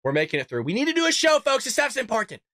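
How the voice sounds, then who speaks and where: A man's voice: very high voice, wildly swooping pitch, rapid-fire, creaky, sharp tone, no room sound, studio quality. A man hosting a show, reading a news story aloud and reacting to it with incredulous, sarcastic commentary aimed straight at his viewers. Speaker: host.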